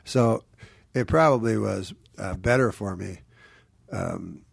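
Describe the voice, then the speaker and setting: A man's voice: fairly low pitch, slow, creaky, husky, dry recording. A man, a guest comedian, telling rambling, wry anecdotes in casual talk full of fillers. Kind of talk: casual storytelling on a podcast.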